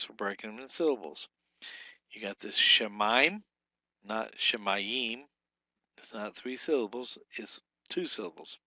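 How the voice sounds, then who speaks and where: A man teaching a recorded language lesson, stepping slowly through examples and repeating words to sound them out. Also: mid-range voice, sharp tone, dry recording.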